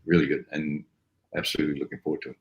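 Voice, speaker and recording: Older Australian man, very low voice, chatty storyteller, echoey room on a video call. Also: racing. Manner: rambling, animated storytelling with mimicry. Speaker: actor guest. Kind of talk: casual interview anecdotes.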